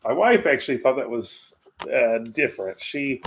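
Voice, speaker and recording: A man's voice: mid-range voice, sing-song, moderate pace, fairly bright tone, distant mic. Rambling American man cooking in an echoey kitchen. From United States. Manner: rambling, chatty asides with chuckles. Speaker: cooking vlogger and English teacher. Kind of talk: casual cooking livestream chat. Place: home kitchen. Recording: echoey kitchen with faint ambient noise.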